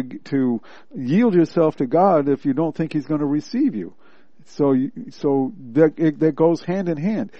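A man's voice: fairly high pitch, mellow, dry recording. Earnest male preacher, plain-spoken devotional teacher, close and dry on a muffled lo-fi track. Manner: earnest, plainspoken, repeats points for emphasis. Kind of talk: devotional teaching, reading and explaining a text. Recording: dry, slightly dull lo-fi recording.

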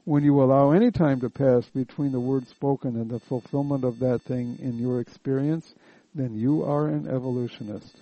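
A man's voice: medium pitch, fairly even intonation, normal speed, dry recording. A man preaching a sermon, reading aloud in an earnest, questioning, emphatic way, recorded lo-fi and dry.

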